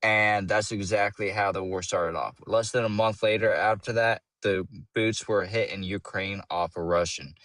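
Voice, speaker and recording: Low-voiced man arguing over a call. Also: steady tone, normal speed, few pauses, fairly bright tone, no echo. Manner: combative, swears a lot, talks over the other speaker. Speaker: caller debating on a livestream. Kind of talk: heated casual debate.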